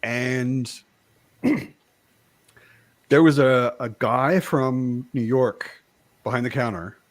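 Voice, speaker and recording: A man born in the United States hosting a casual live chat, talking in an animated way with frequent restarts. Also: medium pitch, slow. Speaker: host.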